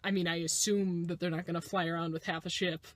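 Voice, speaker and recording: A young woman giving a casual, excitable movie reaction rant, swearing freely and swinging between loud outbursts and low mutters, a little winded. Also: quick pace. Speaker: vlogger.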